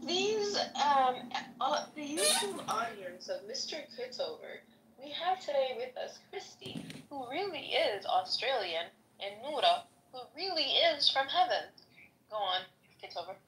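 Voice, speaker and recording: A woman's voice: high-pitched, sing-song, unhurried, fairly bright tone, slight background noise, rough recording. A woman interviewing the host in a live audio chat room, playful and teasing in a mock-formal way. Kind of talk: casual chat.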